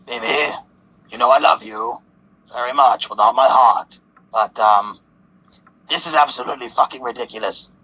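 A man's voice: mid-range voice, moderate pace, long pauses, bright, forceful tone, breathy edge, rough recording. A man voicing a heartbroken, self-pitying young man who whines and stammers. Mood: grumbling.

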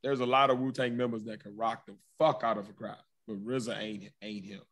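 A man co-hosting a podcast, giving blunt, profane opinions in relaxed slang. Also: on the low side, fairly quick. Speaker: podcast co-host. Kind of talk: casual debate chat.

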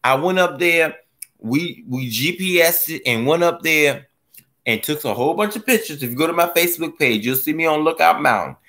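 A man hosting a gardening live stream, chatting casually as he reads viewer comments, joking and laughing, his voice swooping from low mutters up to high squeals. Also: animated, moderate pace, bright, forceful tone. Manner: playful, laughs often. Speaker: gardening livestream host.

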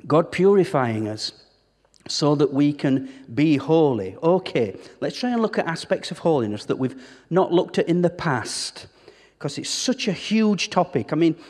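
A male pastor delivers an emphatic sermon, firing rhetorical questions at his congregation. His voice sits fairly high for a man. The sound rings with the long reverb of a church hall. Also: a little mellow. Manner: emphatic preaching with rhetorical questions and repeated words.

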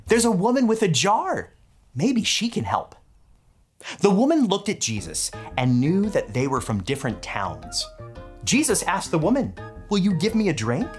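A man in a mailman role who presents a children's Bible lesson, playful and animated, and leads call-and-response games. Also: sits high.

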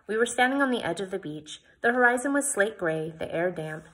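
A woman's voice: medium pitch, lively intonation, a little fast, fairly bright tone. A woman reading a novel aloud, with plain narration and chatty comments between passages.

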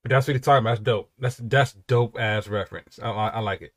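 A man's voice: fairly low pitch, fairly even intonation, fast, a bit bright. A young man giving casual, rambling commentary while reacting to music, with frequent repeated praise.

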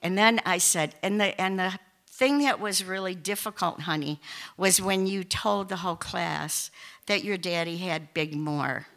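A woman's voice: on the low side, unhurried, fairly bright tone. A woman telling a personal story on stage to a live audience, chatty and emphatic with many asides and restarts.

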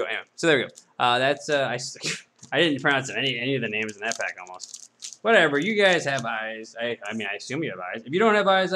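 A man's voice: mid-range voice, sharp tone. A man hosting a trading card sales video, chatting casually with rambling, self-mocking jokes.

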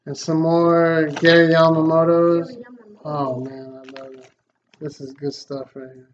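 Casual vlog host, male, slow, excitable and grateful; dull lo-fi recording. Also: fairly high pitch. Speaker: fishing channel host. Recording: slightly dull lo-fi sound, faint noise.

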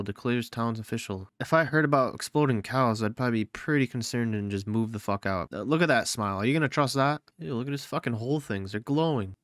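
A young man hosting a gaming channel, casually narrating his play with loud, profane, mocking reactions. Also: mid-range voice, dry recording. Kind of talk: casual let's-play commentary.

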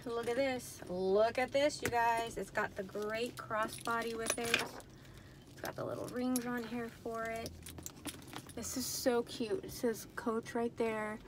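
Over a noisy background, a woman with a fairly high voice records a casual haul vlog at night in a dim room. The purse reseller sounds frustrated, talking to herself and speaking to her audience as "y'all" and "you guys."

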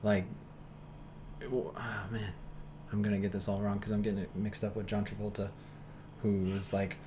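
A podcast host with a lowish, monotone voice talks at normal speed over some background noise on a streaming mic. He chats casually about movie trailers, rambling with lots of fillers and self-doubt.

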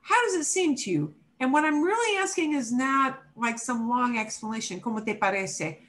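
A woman teaching a Spanish class over a video call, who models pronunciation by repeating words slowly and checks in often with her students. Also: high-pitched, lively intonation, a bit bright, rough recording. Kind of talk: online class instruction.

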